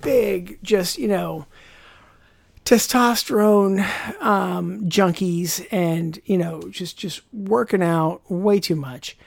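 A woman's voice: on the low side, slow pace, vocal fry, no echo, studio quality. A woman co-hosting a podcast in casual chat, rambling and chatty, full of asides and fillers.

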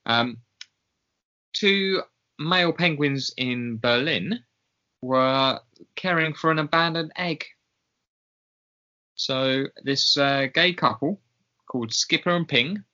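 A man's voice: fairly high pitch, slow pace, long pauses, pushed and bright. A man co-hosting a podcast in casual chat, talking in a chatty, hesitant way with many ums. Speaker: podcast co-host. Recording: slightly dull lo-fi sound.

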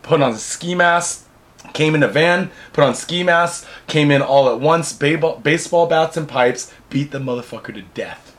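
A man's voice: a little high, moderate pace. Rambling man telling a story. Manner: rambling, filler-heavy, animated storytelling. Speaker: podcast co-host. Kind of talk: casual profane chat.

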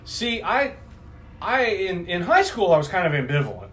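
A man's voice: high-pitched, sing-song, normal speed, fairly bright tone, a little hiss or hum. A man in his forties in casual chat, rambling and correcting himself as he goes, swearing freely.

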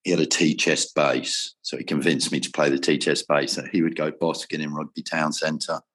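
A man's voice: very deep voice, level tone, normal speed, a bit bright. A man in a casual interview, telling rambling stories about music and travel, swearing freely and laughing often. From Wales. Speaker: guest musician.

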